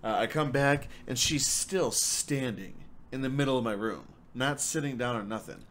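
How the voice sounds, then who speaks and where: A young man telling a rambling, profanity-filled story in a casual, animated way. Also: medium pitch, normal speed, a little hiss or hum. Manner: rambling, swears a lot, animated. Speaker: storyteller guest.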